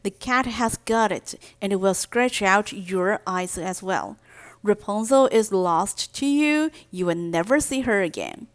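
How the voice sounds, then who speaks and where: A woman's voice: mid-range voice, measured pace, lightly acted. A woman voicing a furious female enchantress who taunts and mocks in a storybook read-aloud. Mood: mocking. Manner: taunting, mocking.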